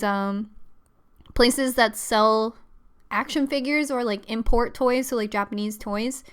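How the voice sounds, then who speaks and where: Chatty woman live streaming, clear voice. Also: on the high side. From Pennsylvania, US. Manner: chatty, rambling with fillers and laughs. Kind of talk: casual live stream chat.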